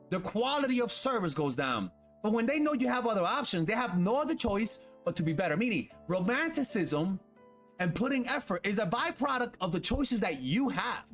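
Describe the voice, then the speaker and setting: High animated man giving dating advice. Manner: repeats words, blunt, swears, acts out quotes. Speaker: dating coach. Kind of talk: advice monologue.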